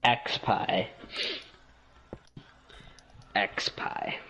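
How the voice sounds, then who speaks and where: A man's voice: extremely slow, sharp tone, dull audio. A man from Canada in a casual gaming chat, joking, teasing and rambling.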